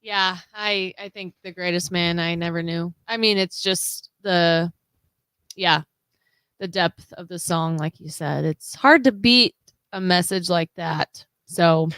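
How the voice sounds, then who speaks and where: A woman guest on a music podcast, speaking softly and agreeably. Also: lowish voice, slow, smooth, dry recording. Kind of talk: casual music chat.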